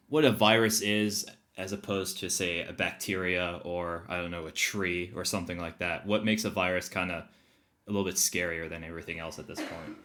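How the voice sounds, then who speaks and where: A man's voice: low-pitched, a bit bright. A man co-hosting a podcast, playful and chatty, full of fillers as he leads the talk. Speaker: podcast co-host. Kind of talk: casual podcast chat.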